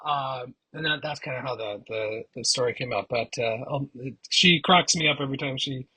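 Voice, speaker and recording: A man's voice: mid-range voice, moderate pace, sharp tone, breathy edge, low-quality recording. A man vlogger telling a personal story in a chatty, rambling way with frequent restarts. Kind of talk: casual storytelling.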